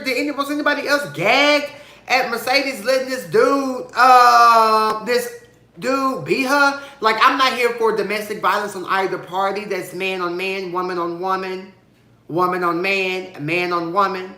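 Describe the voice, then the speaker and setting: A man reviews a show in a casual vlog, gossiping bluntly and with lots of sass. His bright, sharp voice leaps up and down for dramatic effect. The sound has a roomy echo. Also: moderate pace. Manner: dramatic, sassy and expressive, with big swings of pitch and loudness; gossipy and blunt, with slang and profanity.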